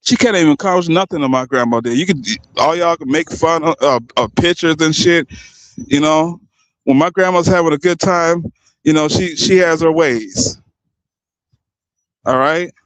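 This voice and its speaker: High-voiced man ranting with profanity. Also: moderate pace, fairly bright tone, dry recording, poor audio. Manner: profane, insulting, mocking. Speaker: streamer. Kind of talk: heated ranting commentary.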